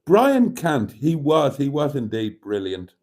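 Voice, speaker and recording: Man, livestream host, slow, lively pitch, mellow tone, chatty and playful. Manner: chatty and playful, echoes items back. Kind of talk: casual chat reading out viewer comments.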